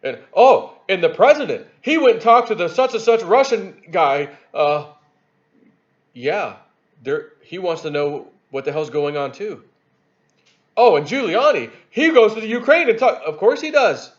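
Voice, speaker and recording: Rambling man with a fairly high voice. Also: unhurried, highs cut off. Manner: animated, rambling, repeats himself and stumbles over words. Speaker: YouTube commentator. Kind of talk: rambling political commentary vlog.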